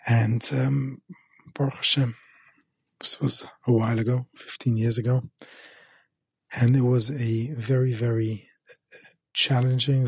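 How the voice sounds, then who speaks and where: A man's voice: medium pitch, a little mellow, slightly rough, no echo. A middle-aged man giving an earnest Torah talk as a rabbi, repeating phrases for emphasis. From England.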